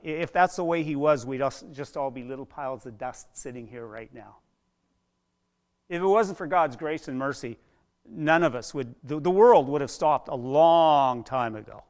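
A middle-aged man preaching a sermon as a pastor, earnest, dropping to a hush and then rising loud, often repeating words. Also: fairly high pitch. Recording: long hall reverb.

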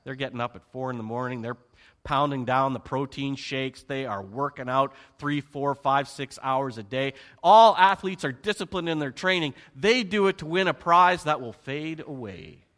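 A man preaching a sermon with animated emphasis, rhetorical questions and joking asides. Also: mid-range voice, normal speed. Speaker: pastor.

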